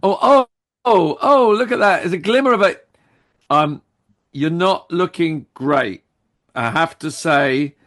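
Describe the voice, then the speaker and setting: A man's voice: a little high, lively intonation, unhurried, pauses often, a bit bright. A man co-hosting a podcast, chatting casually and teasing his partner in a jokey way. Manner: teasing and jokey, chuckles between remarks. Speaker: podcast co-host presenting clips. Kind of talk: casual chat.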